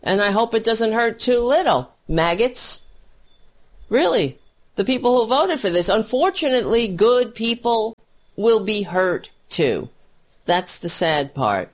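A woman's voice: a little high, sing-song, unhurried. A woman delivering a blunt, scornful and profane political commentary rant, often restarting her phrases.

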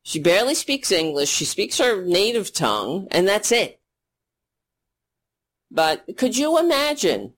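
A woman's voice: medium pitch, sing-song, unhurried, pauses often. A woman hosting a political commentary show, ranting in a sarcastic, profane and rambling way.

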